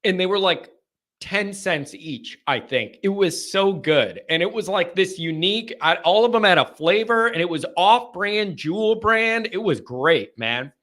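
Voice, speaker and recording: A man hosting a call-in show from his basement, chatting casually with animated, joking banter. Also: high voice, measured pace. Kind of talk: casual chat.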